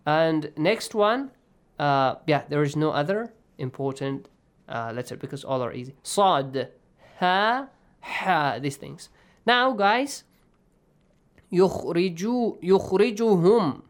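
A man's voice: on the high side, big pitch swings, measured pace, a bit bright, clear, resonant tone. A man teaching Quran recitation rules, patiently quizzing his students by name and slipping into recitation. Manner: switches into Arabic recitation. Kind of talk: online tajweed lesson.

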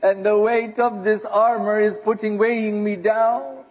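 Guy preaching real emotional, high voice, chants bits in arabic, echoey hall. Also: fairly even intonation, measured pace. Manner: impassioned, breaks into chanted Arabic and near-sobbing; addresses the audience directly. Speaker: speaker recounting a martyrdom narrative. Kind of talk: emotional religious sermon. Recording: long hall reverb.

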